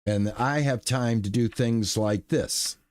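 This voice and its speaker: A man's voice: medium pitch, slow pace. A man streaming a video game, talking through his play in a rambling, playful way with goofy exclamations. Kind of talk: casual gameplay commentary.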